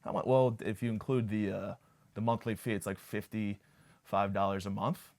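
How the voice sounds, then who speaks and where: A man's voice: fairly low pitch, steady tone, moderate pace, darkish tone. A young man hosting a podcast, rambling through a profane, self-deprecating comedic monologue. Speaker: podcast host.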